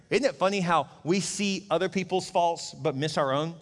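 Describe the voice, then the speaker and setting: Middle-aged male pastor, chatty sermon delivery with acted-out quotes, slightly high voice, big reverberant room. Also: fairly quick. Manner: conversational, acts out quoted voices.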